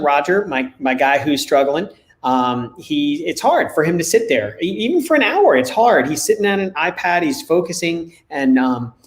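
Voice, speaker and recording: A man co-hosting a talk, telling lively family anecdotes and acting out dialogue. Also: fairly high pitch. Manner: animated anecdotes, acts out dialogue. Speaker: co-host. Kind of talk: casual storytelling. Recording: echoey room.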